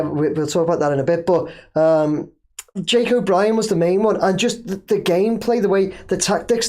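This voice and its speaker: A man's voice: high voice, a little mellow. A middle-aged man from England hosting a casual football livestream, chatting in a rambling, self-deprecating way while reading out viewer comments. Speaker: football channel host.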